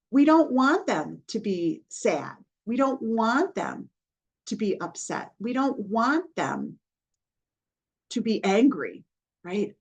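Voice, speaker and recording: A woman hosting a podcast, explaining in a patient, instructive way and often checking in with the listener, softening her voice when she models calming phrases. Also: medium pitch. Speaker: podcast host, child development professional.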